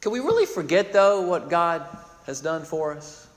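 A man's voice: fairly high pitch, sing-song, normal speed, big-room sound. A man preaching a sermon, expounding scripture with emphatic swells and sudden drops in volume. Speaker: pastor.

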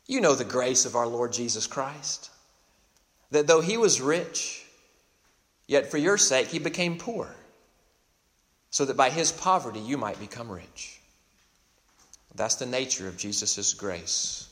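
A man's voice: medium pitch, expressive, unhurried, long pauses, a bit bright, big-room sound. A male pastor giving an earnest, emphatic sermon, often restarting and repeating his words as he builds each point.

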